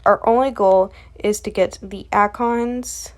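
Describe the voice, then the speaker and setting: A woman's voice: medium pitch, fairly even intonation, takes it slowly. A woman recapping a webcomic in a rambling, chatty way, full of fillers. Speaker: comic recap creator. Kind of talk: casual comic recap.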